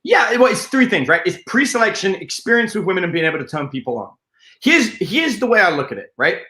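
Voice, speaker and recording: High-voiced British man with playful swagger. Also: sing-song, fast, sharp tone, roomy sound. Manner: playful, swearing, acts out scenes in high put-on voices. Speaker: dating coach. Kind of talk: animated interview storytelling.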